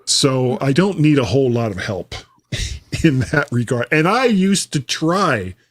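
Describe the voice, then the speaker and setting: A man's voice: medium pitch, a little slow. A man from Florida hosting a casual podcast, telling rambling stories. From Florida, USA. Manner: animated, rambling storyteller. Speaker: podcast host.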